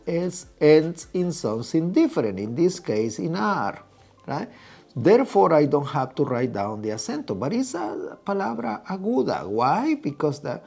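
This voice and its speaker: A man's voice: on the high side, vocal fry, a little mellow. A man teaching a lesson, patiently repeating key points and stretching out syllables. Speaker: Spanish teacher. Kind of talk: explaining at a whiteboard.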